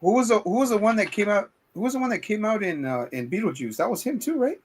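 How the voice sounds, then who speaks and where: A man's voice: high-pitched, very animated, fast talker, slight background noise. A man co-hosting a casual movie review chat, rambling through the plot with acted-out quotes and lots of swearing. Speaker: podcast co-host.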